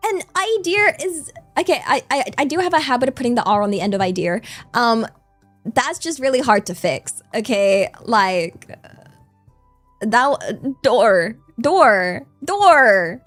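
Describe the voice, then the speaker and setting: A woman's voice: a little high, expressive, measured pace, fairly bright tone, no echo, faint music behind. A playful, giggly woman with a West Country English accent, chatting casually with her live-stream audience. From England. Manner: playful, giggly, thanks chat in Japanese.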